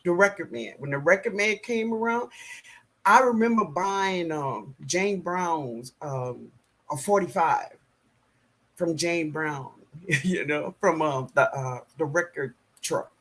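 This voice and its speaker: A man's voice: fairly high pitch, slow, fairly bright tone. A middle-aged man hosting a live gardening stream, reading the chat aloud and greeting viewers by name, laughing often.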